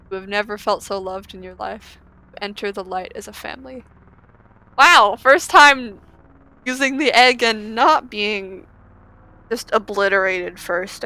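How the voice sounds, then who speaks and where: A woman's voice: mid-range voice, fairly bright tone. A woman playing a text-based game, reading its passages aloud and giggling through casual reactions in between. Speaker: let's player.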